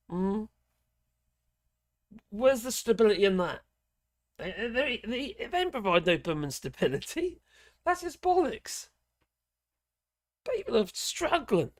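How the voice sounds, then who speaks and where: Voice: medium pitch, very animated, unhurried, pauses often. A commentator from England talks over a clip with mocking running commentary. The tone is sarcastic and blunt, with casual swearing dropped in.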